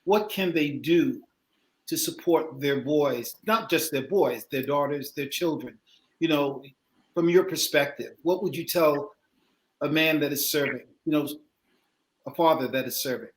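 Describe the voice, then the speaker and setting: A man's voice: fairly high pitch, measured pace. A man in a casual podcast conversation, asking a probing question and rephrasing it several times. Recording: echoey room with faint noise.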